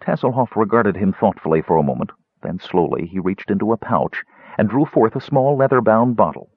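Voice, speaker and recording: A man reading a fantasy novel aloud as narrator with an expressive, dramatic delivery. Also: fairly low pitch, fairly quick, husky, no room sound, narrow, tinny audio. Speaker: audiobook narrator. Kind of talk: scripted narration.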